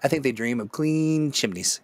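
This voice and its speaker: A man's voice: medium pitch, animated, normal speed, no echo. A man hosting a casual online chat, joking around, rambling through playful tangents and laughing often. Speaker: host.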